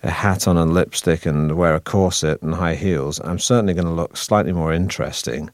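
Speaking fairly quickly, this guest actor from Manchester in northern England chats easily in an interview, his very low voice carrying a wry, self-mocking edge. He circles through ideas with frequent restarts, recorded close and dry with no room sound.

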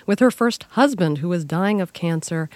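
A woman sitting in as a radio interview host, reading a composed introduction and asking measured questions. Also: on the low side, lively intonation, a little mellow, no room sound. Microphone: studio microphone. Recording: dry studio sound.

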